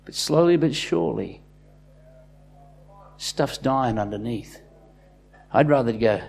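A man preaches from the pulpit, his voice husky and slightly breathy. He pushes hard on key lines with rising force, then falls back to low, confiding asides, all in a middle register. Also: animated, slow, pauses often. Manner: impassioned, swinging from loud bursts to quiet asides. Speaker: pastor. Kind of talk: sermon.

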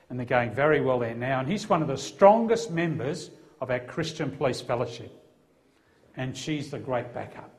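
A middle-aged Australian man, a Christian police officer, preaches his testimony with earnest, emphatic storytelling. His voice is medium in pitch and slightly mellow.

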